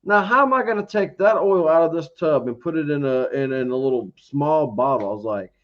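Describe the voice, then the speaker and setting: A man's voice: on the high side, brisk. A man from Georgia, chatting as an interview guest and rambling through a story while acting out his own past thoughts. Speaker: interview guest, beard reviewer. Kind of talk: casual interview chat. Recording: dull lo-fi sound.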